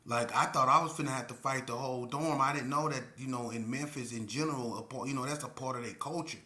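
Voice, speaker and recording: Brief: middle-aged Las Vegas man, casual storyteller, bright edgy voice, echoey room. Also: medium pitch, steady tone, fast talker. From Las Vegas, Nevada. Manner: loose, repeats "you know what I'm saying".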